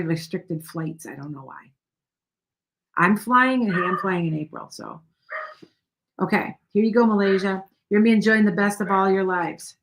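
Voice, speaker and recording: A woman's voice: mid-range voice, a bit bright. A middle-aged woman hosting a casual livestream tarot reading, rambling and reassuring viewers by name. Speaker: tarot reader and livestream host.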